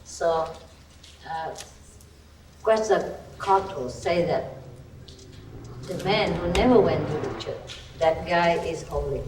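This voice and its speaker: A woman's voice: fairly low pitch, slow pace, pauses often. Chatty woman teacher in an echoey hall. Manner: lively, chatty, often laughing, loose non-native grammar. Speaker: spiritual teacher. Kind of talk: spiritual talk to an audience. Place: gathering hall with audience. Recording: echoey archive recording from a distant mic with background noise.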